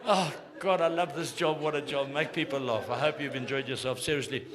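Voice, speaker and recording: An older South African man working a live theatre crowd with brash, crude jabs. His pitch sits in an ordinary middle range. Loud audience laughter rolls under his lines. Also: fairly quick. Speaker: stand-up comedian. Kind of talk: live stand-up set.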